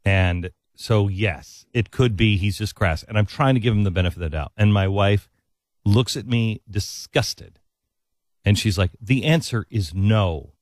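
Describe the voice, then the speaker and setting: Animated male talk-show host, dry sound. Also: fairly low pitch, moderate pace, dry recording. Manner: animated, incredulous, emphatic. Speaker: radio host.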